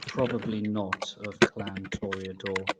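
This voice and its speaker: A man playing a tabletop role-playing game, speaking in a calm, measured, wry way. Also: on the low side, very noisy. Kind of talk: casual tabletop role-play chat.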